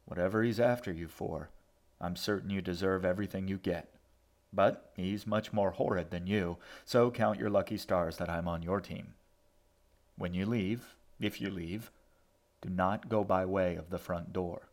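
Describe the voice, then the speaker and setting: A man's voice: deep voice, moderate pace. A man voicing a shaggy eccentric man's mocking letter, mock-polite and darkly joking, in audiobook narration. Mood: sardonic.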